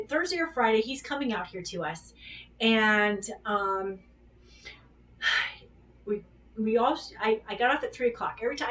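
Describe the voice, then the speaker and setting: A woman, a dog groomer, telling a personal story in a casual, animated, exclamatory way and swearing freely. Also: medium pitch, recorded from a distance.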